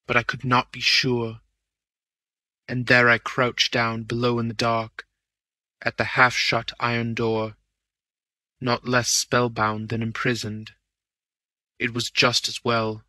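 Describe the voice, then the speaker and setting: Slow, bright-voiced male audiobook narrator. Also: mid-range voice, no echo. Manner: measured, deliberate storytelling. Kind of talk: first-person audiobook narration.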